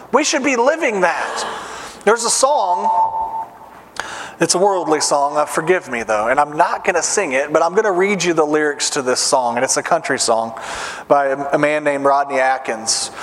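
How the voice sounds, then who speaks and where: A man's voice: a little high, a little hiss or hum. A middle-aged man preaching a sermon to fathers, earnestly putting direct questions to his listeners. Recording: long reverb of a large hall.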